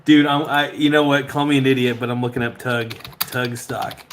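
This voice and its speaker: Brief: casual male podcast host, mid-pitched, loose and rambling, swears freely. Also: steady tone, normal speed. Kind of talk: casual chat reading viewer comments.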